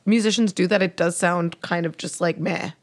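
A woman's voice: lowish voice, fairly even intonation, normal speed. A woman co-hosting a podcast in casual chat, peppering her talk with "like". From Canada. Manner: chatty, heavy use of "like". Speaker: podcast co-host.

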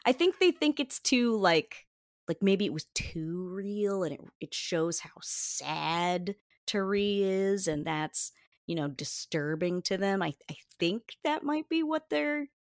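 A woman's voice: mid-range voice, expressive, takes it slowly, no room sound. A woman with a mid-range voice, chatting wryly about a film with a friend. She sounds amused and works through her ideas aloud. The mic is close and dry. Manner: wry, amused, theorizing. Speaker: podcast co-host. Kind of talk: casual chat.

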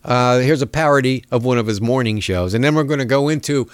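A man's voice: medium pitch, quick pace, clean tone, no room sound. A man hosting a talk radio show, ranting sarcastically and chuckling as he rambles. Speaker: radio host.

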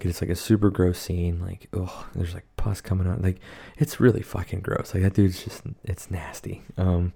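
A man's voice: sits low, gravelly, mellow. A man co-hosting a podcast, casually recapping a horror movie in a rambling, profane way with lots of fillers. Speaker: podcast co-host.

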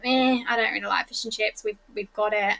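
A woman's voice: medium pitch, steady tone, brisk, creaky. A woman from Australia with an Australian accent, chatting casually and laughing as a podcast guest. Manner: chatty, laughing, trails off quietly. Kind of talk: casual chat.

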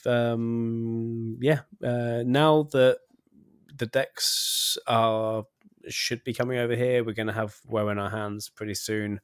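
Male podcast host, casual and rambling, lots of "um"s, easy laugh, middle-pitched voice, dry close mic. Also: level tone, slow, clean tone, dry recording. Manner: rambling, hesitant with many fillers, laughs easily. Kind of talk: casual chat.

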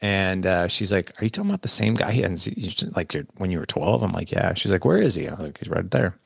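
Gravelly low-voiced Midwestern man telling his story. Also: lively intonation, fast talker, dry recording, studio quality. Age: 40s. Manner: candid, conversational, quotes people in dialogue. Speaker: guest. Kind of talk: personal storytelling in a podcast interview.

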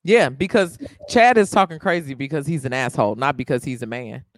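A man's voice: mid-range voice, fairly quick, no echo, clean studio sound. Blunt, laughing podcast host, man. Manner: blunt, swears, laughs a lot. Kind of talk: casual conversation.

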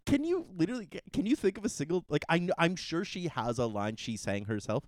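A podcast host in his thirties, chatting candidly and laughing often, with self-deprecating humor and sudden jumps up in pitch when excited. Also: quick pace, no echo, clean studio sound. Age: 30s. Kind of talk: casual chat.

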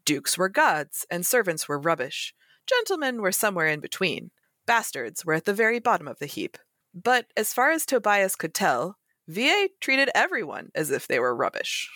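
A woman's voice: medium pitch, very animated, normal speed, bright, forceful tone, dry recording, clean studio sound. A woman co-hosting a book podcast, explaining historical details in a nerdy, casual way. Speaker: podcast co-host.

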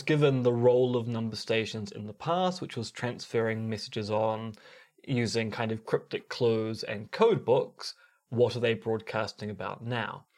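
A man with a New Zealand accent talks through a story as a podcast co-host. His voice sits at a middle pitch, and he delivers it in an easy, explanatory way. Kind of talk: casual podcast chat.

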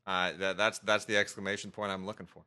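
A man's voice: sits low, level tone, fast talker, bright, forceful tone. A man co-hosting a podcast, thinking aloud and often restarting his sentences. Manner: thoughtful, searching for words, many restarts. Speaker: podcast co-host. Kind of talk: casual chat.

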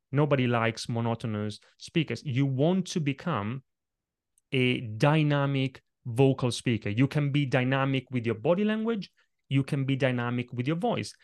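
A man's voice: medium pitch, normal speed, a little mellow. Middle-aged male presentation coach, guest in an interview, demonstrates vocal techniques as he explains.

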